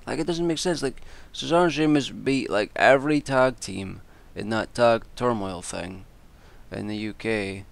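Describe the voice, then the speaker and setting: Gravelly man ranting casually. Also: mid-range voice, moderate pace, no echo. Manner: exasperated, swears freely, rambling with restarts. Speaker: wrestling commentator and vlogger.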